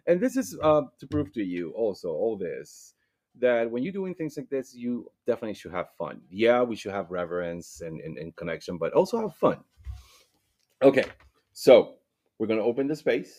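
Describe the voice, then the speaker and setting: A man hosting a spirit board session, speaking slowly and deliberately with frequent fillers. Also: mid-range voice, sing-song, darkish tone. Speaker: session host.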